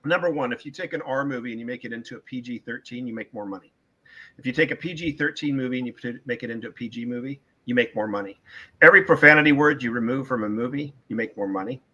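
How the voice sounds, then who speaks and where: Middle-aged man, bright and forceful, emphatic opinionated podcast guest who hammers points by repeating words. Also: mid-range voice, fast, highs cut off. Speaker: author being interviewed. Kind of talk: casual podcast interview talk.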